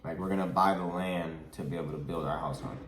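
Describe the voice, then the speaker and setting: Deep-voiced young man, laid-back. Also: steady tone, fast, reverberant, slight background noise, low-quality recording. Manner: laid-back, joking, short answers. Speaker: vlogger's partner. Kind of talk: casual Q&A chat.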